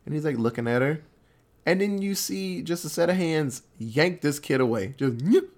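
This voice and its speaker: A man casually recapping a film plot, swearing freely and acting out the characters' lines in quick put-on voices. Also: a little high, expressive. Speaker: podcast co-host recapping a film. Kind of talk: casual chat.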